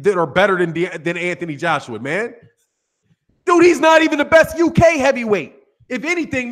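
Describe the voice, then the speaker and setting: A man's voice: very high-pitched, fairly bright tone. A man hosting a boxing channel, ranting in a brash, profane, trash-talking monologue.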